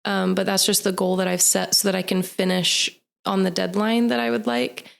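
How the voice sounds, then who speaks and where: A woman co-hosting a podcast in relaxed, earnest casual chat. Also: mid-range voice, normal speed, creaky. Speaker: podcast co-host.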